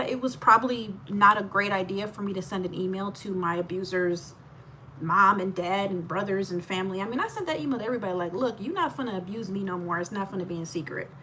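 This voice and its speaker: A woman telling her own story in a candid vlog, animated and laughing often, full of asides. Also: medium pitch, slight background noise. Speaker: vlogger.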